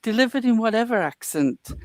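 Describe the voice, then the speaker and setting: A woman from the English Midlands with a slightly softened Midlands accent, chatting as a co-host in a dry, sarcastic, mock-indignant way. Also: fairly high pitch, expressive, fairly quick, dry recording. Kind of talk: casual podcast chat.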